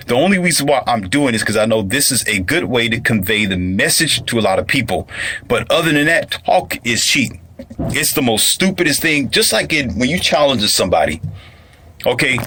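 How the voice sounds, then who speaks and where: A man's voice: medium pitch, breathy edge. A man giving a blunt, preachy motivational monologue, repeating himself and using street slang. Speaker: motivational speaker.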